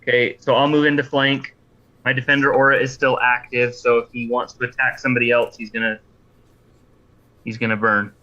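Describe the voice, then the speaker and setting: Male tabletop player, methodical, bright tone, lo-fi recording. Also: medium pitch, level tone, a little fast. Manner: methodical, asks rules questions. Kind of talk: casual tabletop game chat. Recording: dull lo-fi mic.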